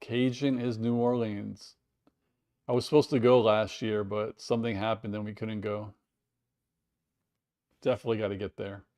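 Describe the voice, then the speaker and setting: A man's voice: lowish voice, little pitch movement, normal speed, long pauses, darkish tone. A man hosting a casual live watch-along stream, chatting with viewers, reading out their messages and reacting with surprise. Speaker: livestream host.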